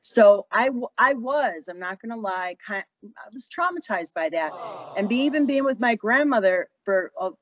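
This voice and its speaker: Lo-fi sound carries her mid-range, moderately paced voice. In this storytelling interview, the sixty-something guest animatedly acts out the voices of the people in her personal stories.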